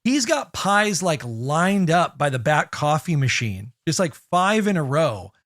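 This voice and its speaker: Chatty podcast man, slightly high voice. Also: very animated, a bit bright, no room sound, clean studio sound. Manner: chatty, breaks into quick goofy impressions. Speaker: podcast co-host. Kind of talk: casual movie-review chat.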